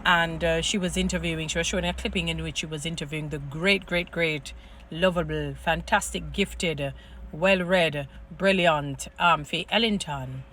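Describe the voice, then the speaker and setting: A woman's voice: low-pitched, steady tone, moderate pace, a bit bright, slight background noise. A Jamaican woman giving an emphatic, rambling casual monologue to her viewers. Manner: rambling, emphatic, heaps praise, restarts and fillers. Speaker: vlogger.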